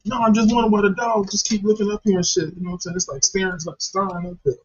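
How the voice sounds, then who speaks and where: A man in loud, teasing, crude casual banter with a friend. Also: high voice, flat delivery, rapid-fire, husky. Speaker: comedic podcast co-host. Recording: dull lo-fi recording.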